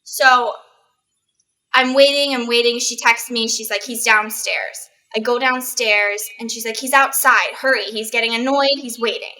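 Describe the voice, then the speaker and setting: A young woman with a bright, slightly high voice tells a story in easy casual chat. She acts out every exchange with animated energy and quick shifts into the voices of the people she quotes. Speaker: guest.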